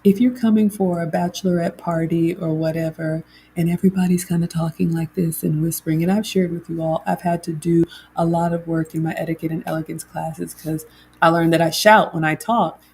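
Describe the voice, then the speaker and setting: A woman's voice: on the low side, fairly even intonation, a little fast, a little mellow, a little hiss or hum. A middle-aged woman hosts a chatty livestream and reads viewer comments aloud. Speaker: host. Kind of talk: casual livestream chat.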